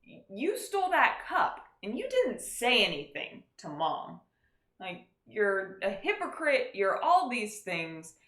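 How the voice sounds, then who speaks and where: A woman's voice: medium pitch, wildly swooping pitch, slow pace, a bit bright, exaggerated voice. A woman voicing a defiant, fed-up teenage daughter who talks bluntly and scolds. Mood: scolding. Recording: roomy echo.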